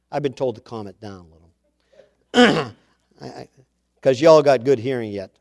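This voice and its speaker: A man preaching a sermon, reading scripture aloud and swelling louder on the quoted words. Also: a little high.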